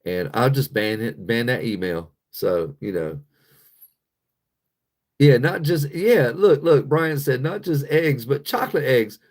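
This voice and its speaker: A man's voice: mid-range voice, expressive, unhurried. A man hosting a casual livestream, talking bluntly and profanely to his chat and laughing often. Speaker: livestream host.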